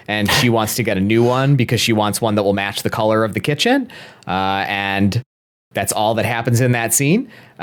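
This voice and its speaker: A young man co-hosting a podcast, recapping a film from his notes in a dry, self-deprecating way. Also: medium pitch. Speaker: podcast co-host.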